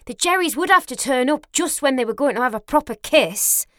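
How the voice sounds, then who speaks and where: A woman voicing an impulsive, loud young nurse with a Newcastle accent, blunt and excitable. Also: high-pitched, fairly quick, dry recording, studio quality, voice pushed up. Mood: excited, scoffing.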